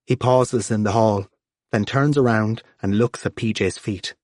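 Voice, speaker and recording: A man's voice: fairly low pitch, unhurried, darkish tone, no echo, studio quality. A man narrating an audiobook, shifting his voice for the characters.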